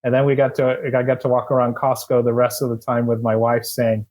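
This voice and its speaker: A man's voice: mid-range voice, completely flat delivery, a little fast, a little mellow. Middle-aged guy rambling thru old work stories, lots of ums and restarts, ordinary mid voice. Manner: rambling, many restarts and fillers. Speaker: guest, former eBay employee. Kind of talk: casual interview storytelling.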